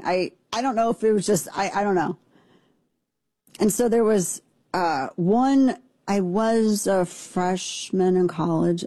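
A woman in her forties with a Southern Missouri accent, co-hosting a talk show and telling family stories in a chatty, animated way. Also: on the low side, dry recording. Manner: chatty storyteller, animated and laughing. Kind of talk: casual chat.

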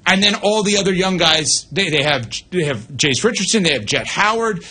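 A man hosting sports radio, reading the news and then giving brisk, opinionated analysis with asides into a studio mic. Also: high-pitched, expressive, pushed and bright, husky.

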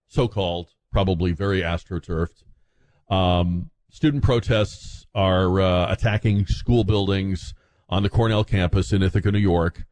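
A low-voiced male talk radio host speaks in an opinionated monologue. His tone is sarcastic and he often restarts his sentences as he works through his points. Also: darkish tone.

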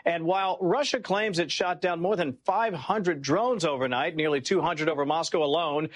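A man delivers a radio news report with punch and emphasis. His voice runs a little high. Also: normal speed. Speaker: news correspondent.

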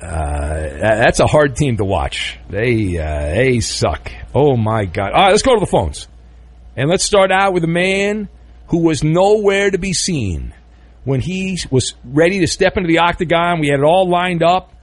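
A man's voice: on the high side, big pitch swings, moderate pace, dry recording. A man hosting a sports talk radio show, chatting loosely and joking between listener notes and calls. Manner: loose, joking, rambling with fillers.

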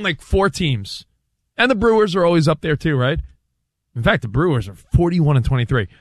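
Sports host, male, lively and high, dry close mic, rambling sports chat. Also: no echo. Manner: animated and rambling. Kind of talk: casual sports talk.

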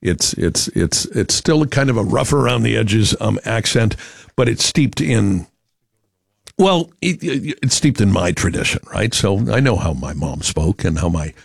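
A man's voice: fairly low pitch, expressive, unhurried, gravelly, breathy edge, no room sound. A middle-aged man from Massachusetts with a New England accent, hosting casual radio chat in a rambling, self-correcting way. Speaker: radio host.

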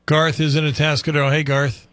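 A man's voice: fairly high pitch, level tone, fairly quick, a bit bright, no echo. A man hosting a radio call-in show, greeting callers by name in an easygoing, casual way.

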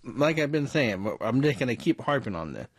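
A man co-hosting a podcast in casual chat, with brief joking asides and quick affirmations. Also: medium pitch, big pitch swings, breathy edge, dry recording, clean studio sound. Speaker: podcast co-host.

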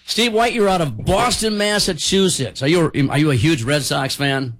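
A man's voice: a little high, normal speed, fairly bright tone, a little hiss or hum. A man hosting a radio show, chatty and joking as he tells stories in the studio. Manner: chatty, jokey, storytelling. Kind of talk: casual radio talk.

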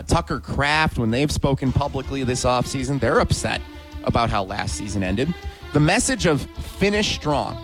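A man co-hosting a sports talk radio show, asking rhetorical questions with an emphatic, energetic delivery. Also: mid-range voice.

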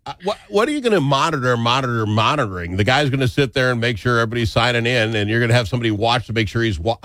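A man's voice: mid-range voice, fairly even intonation, very fast, a bit bright, dry recording, clean studio sound. A man hosting a talk radio show, opinionated, indignant and jokey.

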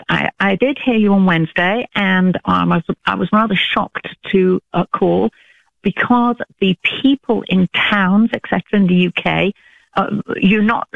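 A British woman calling in to a talk radio show, speaking earnestly and haltingly with many fillers. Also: mid-range voice, gravelly, dry recording. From Britain. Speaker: caller. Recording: phone line.

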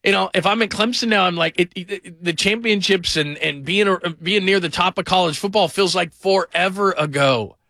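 A man hosting a call-in sports radio show, talking in an animated, rambling way and mimicking people in put-on voices. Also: high voice, moderate pace, hardly any pauses, dry recording.

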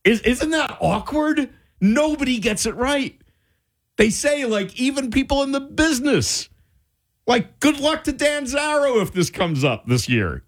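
Animated, rambling male radio host. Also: very high-pitched, unhurried. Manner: rambling, animated, stumbles and restarts. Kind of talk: casual radio chat.

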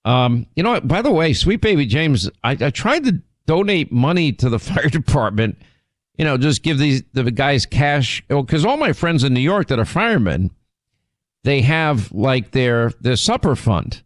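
A middle-aged man hosting a talk show, telling rambling stories and teasing his co-host, with many restarts and excited jumps in pitch. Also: moderate pace, dry recording. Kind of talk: casual on-air storytelling.

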